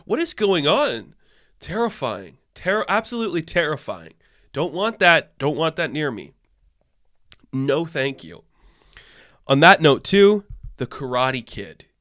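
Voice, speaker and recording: A man's voice: on the high side, very animated, a little slow, pauses often, a bit bright, dry recording. A young man hosting a podcast, ranting in a casual, profane, exasperated way, recorded on a close mic. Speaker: podcast host.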